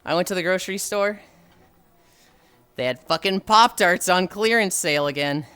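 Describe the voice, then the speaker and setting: A man's voice: high-pitched, normal speed, pushed and bright, clean tone. A man streaming while walking, chatting casually, rambling with frequent sighs and casual swearing. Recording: faint music behind.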